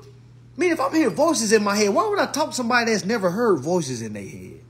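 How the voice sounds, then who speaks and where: A man giving an emphatic, casual rant to camera, swearing and swinging from hushed to loud. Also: high voice, very animated, fast talker. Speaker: vlogger.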